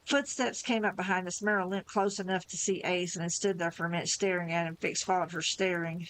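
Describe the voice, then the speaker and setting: A woman's voice: lowish voice, steady tone, fairly quick, a bit bright, low-quality recording. A woman reading a novel aloud on a live stream, narrating steadily in the first person with the occasional slip.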